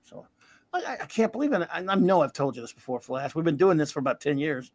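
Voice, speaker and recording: A man's voice: on the high side, animated, fast, darkish tone, no echo, rough recording. A man in his fifties hosting a casual podcast chat, telling rambling anecdotes in a blunt, crude, joking way. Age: 50s. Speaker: podcast host.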